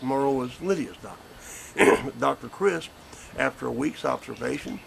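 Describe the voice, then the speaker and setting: A man's voice: mid-range voice, creaky, slight background noise, rough recording. A man, a grandfather speaking bluntly and indignantly in a recorded statement. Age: 50s. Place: porch outdoors.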